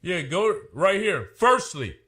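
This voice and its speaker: Loud profane man ranting hotly. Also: sits high, big pitch swings, slow pace. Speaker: fitness personality reading product labels. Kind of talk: heated ranting clip.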